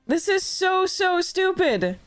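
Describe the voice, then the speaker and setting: A woman's voice: very high-pitched, big pitch swings, slow, dry recording, faint music behind. A woman streaming a card game, talking casually to her chat, exasperated and swearing freely as she rants at the game. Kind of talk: casual livestream commentary while gaming.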